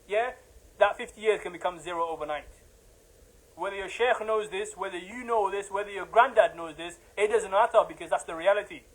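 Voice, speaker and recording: A man delivering a fervent religious talk in a notably high voice. He hammers his points with repetition and builds into heated, emphatic bursts. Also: brisk, low-quality recording. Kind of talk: impassioned religious lecture.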